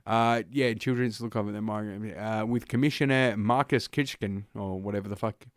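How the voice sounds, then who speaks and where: A man's voice: fairly low pitch, steady tone, moderate pace, dry recording, clean studio sound. A man who hosts a podcast, reads news items aloud and breaks off into blunt, profane, scornful rants full of uhs. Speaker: podcast host. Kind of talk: reading news aloud with ranting commentary.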